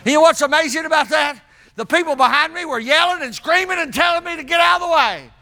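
Man, preacher, sermon, very high voice, folksy and emphatic. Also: fast, bright, forceful tone. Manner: folksy, emphatic, calls out to the congregation.

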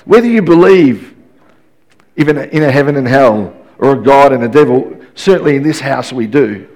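A man's voice: medium pitch, animated, moderate pace, darkish tone. A man in his fifties preaching a sermon in an emphatic, repetitive way, often restarting his sentences.

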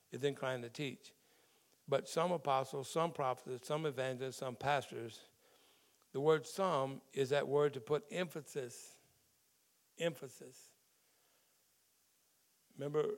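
A man who is a pastor, preaching a sermon in a conversational way and explaining the meaning of Greek words in scripture. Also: fairly high pitch.

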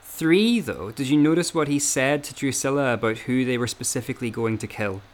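A man's voice: mid-range voice, lively intonation, a little fast. A man co-hosting a podcast, working through his points in casual analytical chat with many restarts. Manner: talks in repeated restarts. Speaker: podcast co-host.

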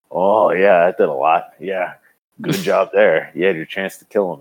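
A man's voice: low-pitched, moderate pace, a little hiss or hum, low-quality recording. A man on a casual podcast, mocking and laughing as he talks. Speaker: podcast co-host. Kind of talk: casual chat.

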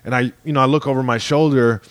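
A comedian guest from Long Beach, California, telling a story in casual podcast talk and acting out the voices of the people in it. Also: male voice, mid-range voice, quick pace. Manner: animated storyteller, acts out quotes, frequent swearing and restarts.

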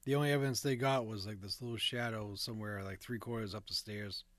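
A man's voice: on the low side, fairly even intonation, fast talker, a bit bright, dry recording. A man co-hosting a casual chat, reading out ghost stories from notes in a laid-back way, with fillers and asides. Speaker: podcast co-host.

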